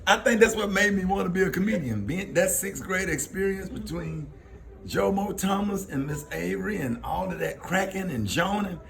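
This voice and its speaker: With crowd noise around him, this Southern-accented middle-aged comedian from Alabama relates a personal tale in a loose, lively way, often laughing and performing the voices of those he quotes. His high voice moves at normal speed and carries vocal fry.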